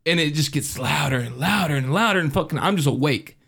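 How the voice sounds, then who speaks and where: Lively, profane man telling stories. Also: on the high side, fairly quick, vocal fry, slightly rough. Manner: animated, profane, laughs often. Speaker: podcast co-host. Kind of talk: casual storytelling chat.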